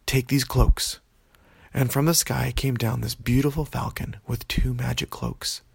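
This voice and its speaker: A man narrating a children's fantasy story in a gentle, unhurried way. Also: medium pitch, steady tone, vocal fry, breathy edge, no echo.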